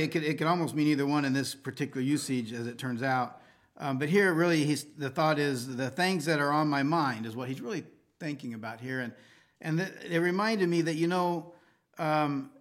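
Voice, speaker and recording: A man's voice: fairly high pitch, a bit bright. A man reading scripture aloud, then explaining it in a casual, hesitant way with many fillers and restarts. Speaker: Bible teacher. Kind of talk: scripture reading and devotional commentary.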